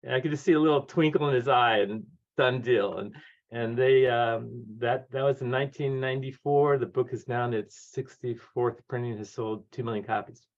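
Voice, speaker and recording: A man in his sixties, a guest author telling lively stories, acting out the voices of people he quotes and laughing often. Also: medium pitch, normal speed. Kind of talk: conversational storytelling. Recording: dull lo-fi audio.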